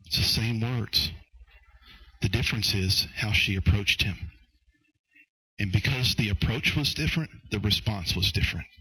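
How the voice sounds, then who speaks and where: Emphatic preaching man, husky voice. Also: on the low side, normal speed, pushed and bright, no room sound, rough recording. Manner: emphatic, repeats phrases, addresses the congregation directly. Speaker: pastor. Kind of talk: sermon.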